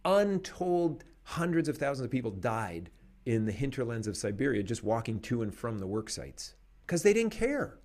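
Casual guy chatting, animated and opinionated, voice jumps around a lot, laughs a bunch. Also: mid-range voice, moderate pace. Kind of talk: casual conversation.

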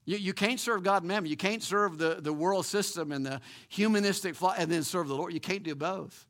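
Man, pastor, sermon, emphatic and animated, fairly high-pitched, chuckles now and then. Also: a little fast. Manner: animated, emphatic preaching with repetitions and restarts.

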